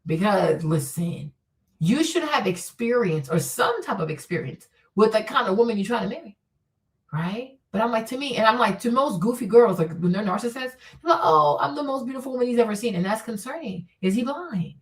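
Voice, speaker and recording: A woman's voice: a little high, lively intonation, moderate pace, distant mic, low-quality recording. Blunt, profane woman streamer. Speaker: livestream host. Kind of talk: candid relationship commentary.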